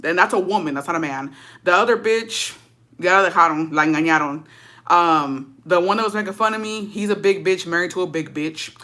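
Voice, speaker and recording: A woman's voice: fairly low pitch, fairly quick, pushed and bright. A young woman telling a story in a casual, brash and profane way. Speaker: vlogger.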